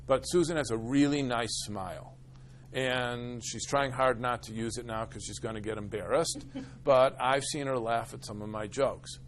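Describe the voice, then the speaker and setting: A middle-aged man speaks at an everyday pitch, giving a lively talk to a room of listeners. He tells a story and plays out both sides of the scene himself. A faint hiss sits under the recording. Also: moderate pace. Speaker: disability attorney speaking to a group. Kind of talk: humorous presentation to a live audience.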